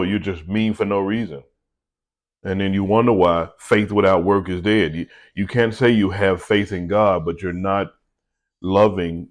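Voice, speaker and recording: A middle-aged man, a vlogger and small business owner, giving an earnest, conversational devotional talk to his viewers. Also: sits low.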